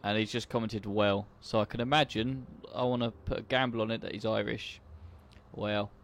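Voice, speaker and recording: Playing a farming game, a young man tells jokey, laughing anecdotes about accidents he's had, all in casual chat. His voice is lowish and fairly bright, with a steady tone and a fairly quick pace.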